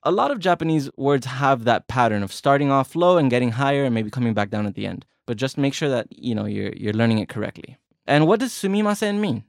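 Male podcast host, mid-pitched, chatty and joking, dry studio sound. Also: animated, fast, vocal fry, dry recording. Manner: chatty, self-correcting, joking. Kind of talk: casual language lesson.

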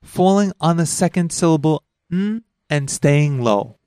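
Male lesson host, relaxed and chatty, dry studio read. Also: unhurried, no room sound. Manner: chatty, laughs easily, explains pitch accent. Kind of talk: casual lesson podcast.

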